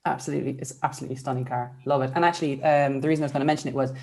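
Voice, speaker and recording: A woman's voice: very deep voice, steady tone, rapid-fire, vocal fry, darkish tone. Enthusiastic woman on a video call. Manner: enthusiastic, rambling with restarts. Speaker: panel regular. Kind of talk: casual video-call chat.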